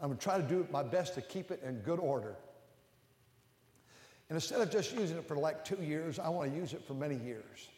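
An older man preaching a sermon as a pastor. He climbs to loud, emphatic peaks and then drops low and close. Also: animated, fairly quick. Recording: echoey hall with long reverb.

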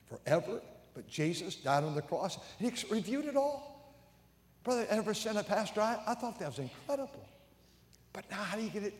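A man in his seventies with an American accent, preaching a sermon as pastor and telling a story with stammering repeats. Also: a little high. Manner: storytelling, stammering repeats, acts out quoted voices. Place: large church sanctuary. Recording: echoey church hall reverb.

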